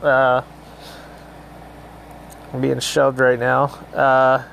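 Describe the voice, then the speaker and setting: A man in his thirties hosting a casual solo podcast at home, rambling and swearing through a deadpan mock ad with pets around him. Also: mid-range voice, drawn-out words, vocal fry, muffled recording, slight background noise. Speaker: podcast host.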